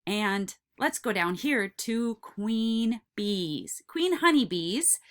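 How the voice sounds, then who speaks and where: A woman teaching a recorded lesson to kindergartners. She speaks slowly with a bright, lively voice that swoops up and down. Her tone stays encouraging and drawn out for young listeners. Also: fairly high pitch. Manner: slow, encouraging, drawn-out words for children.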